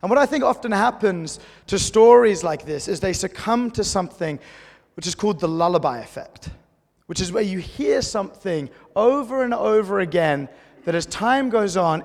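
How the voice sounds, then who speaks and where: A man preaching a sermon in a church, talking conversationally and telling the story with animated asides. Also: high voice, normal speed, in a large hall. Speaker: pastor.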